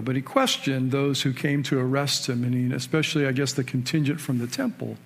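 A man preaching a sermon in a conversational storytelling way, asking his listeners questions and rising sharply in pitch and volume to stress key points. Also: level tone, brisk, vocal fry, few pauses. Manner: storytelling, with sudden rises in pitch and loudness for emphasis. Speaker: pastor.

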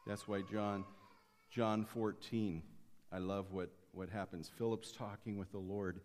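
A man's voice: lowish voice, steady tone, measured pace, a little hiss or hum. Man preaching with a long church echo. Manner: dynamic, swinging from quiet to emphatic. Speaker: pastor. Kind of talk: sermon.

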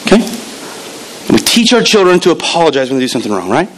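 A man's voice: fairly high pitch, very animated, fast talker, a little hiss or hum, low-quality recording. A man preaching a sermon as pastor, emphatic and repeating key words, acting out the voices he quotes.

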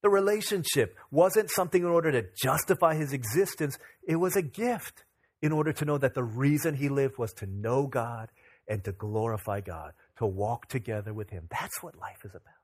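A man in his thirties, a pastor, preaching a sermon that opens with a lively family anecdote, acting out the dialogue in it. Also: mid-range voice, moderate pace, slightly rough. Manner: animated, acts out dialogue in anecdotes. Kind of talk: sermon with storytelling.

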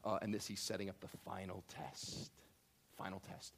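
A man preaching a sermon, telling a story with lively acted-out voices and swinging from quiet to loud. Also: sits low, normal speed, gravelly. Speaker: pastor.

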